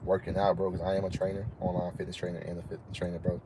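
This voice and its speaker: A man's voice: deep voice, little pitch movement, very fast, background noise. A young man from Florida, an online fitness trainer, giving casual advice on a live stream, calling the listener "bro" over and over and repeating his points.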